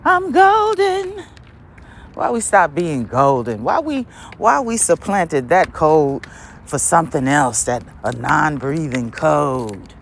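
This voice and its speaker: A woman hosting her podcast, preaching in an emphatic monologue full of rhetorical questions and laughs, with dramatic swings between high and low. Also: expressive, takes it slowly, gravelly, a little hiss or hum. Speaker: podcast host.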